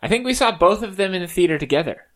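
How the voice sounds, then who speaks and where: A man co-hosting a relaxed podcast about movies, joking with his friend and laughing easily. His pitch moves a lot, giving his talk a lively, bouncing feel. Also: fast. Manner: jokey, laughs often, does impressions. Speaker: podcast co-host. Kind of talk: casual chat.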